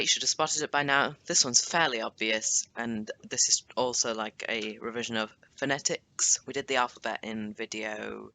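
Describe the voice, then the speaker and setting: With a gravelly, sharp-toned mid-range voice, a young man teaches a language lesson over screen share. His style is chatty and casual, with asides and self-corrections as he explains.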